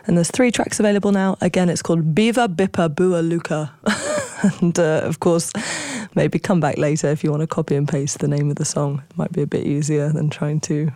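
A woman DJ with a low, husky, gravelly voice talking into a close studio mic between tracks. She is chatty and self-correcting, with a dark, mellow tone and a dry sound. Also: brisk, no echo. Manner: chatty, self-correcting, amused by her own pronunciation. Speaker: radio DJ. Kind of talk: casual radio link between songs.

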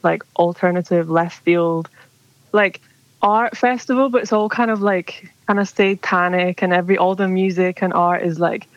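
A woman's voice: lowish voice, steady tone, moderate pace, dry recording. A woman calling in to a radio show, chatting casually and rambling with lots of fillers, heard over a phone line. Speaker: caller. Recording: dull dry phone line.

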